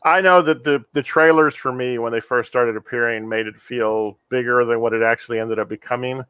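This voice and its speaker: Male podcast host, measured casual reviewer, mid pitch, dry studio sound. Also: fairly even intonation, fairly bright tone, clean tone, no room sound. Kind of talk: casual movie review chat.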